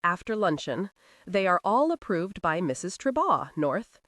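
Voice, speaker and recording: A woman's voice: fairly low pitch, big pitch swings, a little slow, a bit bright, no echo, studio quality, exaggerated voice. A woman reading a defiant young lady. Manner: firm, defiant. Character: spirited headstrong young woman of nineteen.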